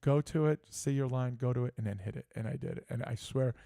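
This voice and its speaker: A man co-hosting a live sports talk show, telling an animated story with frequent laughter. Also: medium pitch, fast talker, vocal fry, no room sound. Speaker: co-host. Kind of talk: casual chat.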